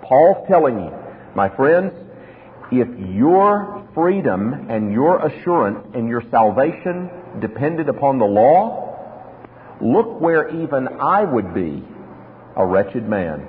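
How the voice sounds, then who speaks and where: A man's voice: medium pitch, sing-song, slow, slight background noise. A male pastor preaching an expository sermon, asking rhetorical questions and acting out little dialogues. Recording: tinny lo-fi sermon recording in a reverberant hall.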